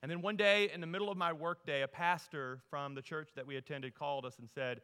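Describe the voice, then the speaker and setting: A middle-aged man from Louisiana, preaching a humorous storytelling sermon that moves from loud to hushed. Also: on the high side, brisk, clean tone. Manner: animated, humorous, folksy, shifts from loud to hushed. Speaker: guest preacher. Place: church sanctuary. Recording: long reverb in a large hall.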